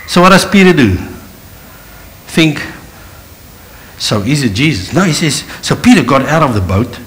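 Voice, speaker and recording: A middle-aged South African pastor preaches a sermon in a fairly high, very animated voice at a moderate pace, with a fairly bright tone. He acts out Bible scenes in different voices and moves between storytelling and addressing the audience directly. The audio quality is poor.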